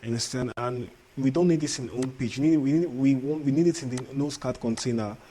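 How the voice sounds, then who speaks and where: A man's voice: mid-range voice, a little fast, warm tone. Man, accented English, coding tutor, repetitive, keeps checking in, faint room noise. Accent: non-native English accent. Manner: repetitive, checks in often with "understand?". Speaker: coding instructor. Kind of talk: screen-share coding tutorial.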